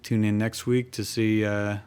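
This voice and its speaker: A man reading fan fiction aloud with dry, deadpan comic timing as co-host of a live show. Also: lowish voice, unhurried, crowd noise. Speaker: reader and co-host.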